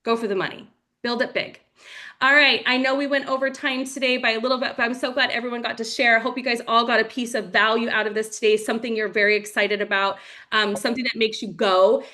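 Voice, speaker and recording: A woman leads a motivational team call with lively storytelling, acting out little quoted scenes as she goes. Her voice is bright and clear, sitting a touch high. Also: fast. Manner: energetic, storytelling, animated with acted quotes. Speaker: team leader.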